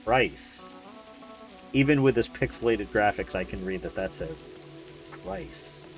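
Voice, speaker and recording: A man streaming a video game with loose, rambling commentary, full of jokes, swearing and laughter. His voice sits somewhat low, with faint music playing behind him. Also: moderate pace. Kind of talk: casual let's-play commentary.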